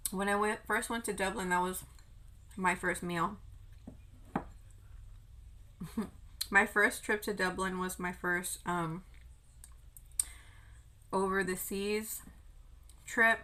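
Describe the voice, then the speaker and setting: A woman's voice: mid-range voice, fairly even intonation, takes it slowly, pauses often, bright, forceful tone, rough recording. A young woman chatting casually while eating on camera, telling a travel story and swearing now and then. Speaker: vlogger. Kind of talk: casual mukbang chat.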